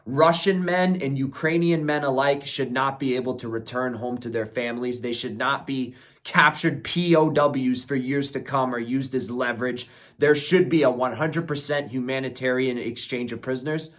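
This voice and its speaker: Young male commentator, slightly higher voice, blunt and opinionated, strings his points together in long run-on sentences. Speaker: political commentator. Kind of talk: solo commentary video.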